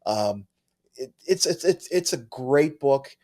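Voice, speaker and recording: A man's voice: mid-range voice, lively intonation, slow, dark tone. Enthusiastic male comic podcast co-host. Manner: enthusiastic, with frequent restarts. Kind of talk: casual chat.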